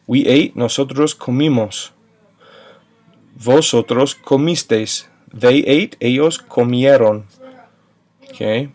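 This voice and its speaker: In a recorded grammar lesson, a male Spanish teacher speaks at medium pitch with a slightly mellow quality. Patient and methodical, he spells out each verb ending and breaks into a brief sung chant.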